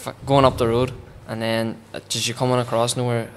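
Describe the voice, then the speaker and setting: A man's voice: medium pitch, level tone, slight background noise. Hesitant young-sounding Derry man. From Derry, Northern Ireland. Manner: halting, hesitant storyteller with many fillers. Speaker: podcast guest. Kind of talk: casual chat.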